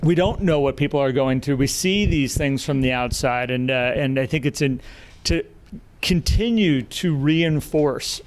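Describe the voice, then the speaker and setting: A man's voice: mid-range voice, moderate pace. A man co-hosting a live podcast, speaking reflectively as a parent. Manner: reflective, talks about being a parent. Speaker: podcast co-host.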